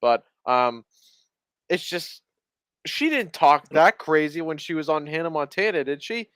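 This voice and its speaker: Blunt guy with a smooth dry voice. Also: a little high, animated, a little slow, a bit bright, no echo. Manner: blunt, opinionated. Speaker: podcast co-host. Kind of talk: casual sports chat.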